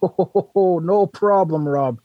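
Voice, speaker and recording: An easygoing Santa Claus, played by a man, answers questions in a Boston accent. His voice sits slightly high and sounds close and dry. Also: very slow, dry recording, narrow, tinny audio. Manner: easygoing, agreeable, short replies. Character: jolly male Santa Claus guest. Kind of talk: improvised comedic interview.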